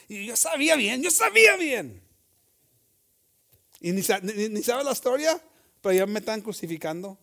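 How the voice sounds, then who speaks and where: A male pastor preaching a bilingual sermon, reading scripture slowly and then building to shouts, switching between English and Spanish and addressing the congregation as brothers. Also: sits high, sing-song, vocal fry. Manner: acts out gossiping voices.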